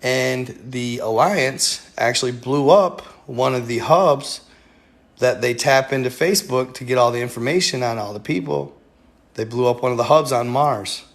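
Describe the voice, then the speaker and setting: A man's voice: mid-range voice, moderate pace. A man hosting a casual livestream, rambling with many fillers and talking straight to his viewers. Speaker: livestream host.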